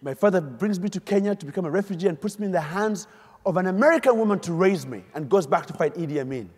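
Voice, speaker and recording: A middle-aged man from Uganda, giving an animated, storytelling keynote speech on a stage mic in a large conference hall and quizzing the audience. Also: high-pitched, fast talker, slightly rough. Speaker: keynote speaker. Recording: echoey hall.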